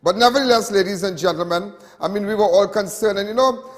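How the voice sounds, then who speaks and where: A Trinidadian man hosts a live TV talk show, chatting along loosely and repeating himself as he goes. His voice sits fairly high for a man, with a long reverb trailing behind it in the studio. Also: quick pace. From Trinidad and Tobago. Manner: chatty, repetitive, with many restarts and asides. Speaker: host.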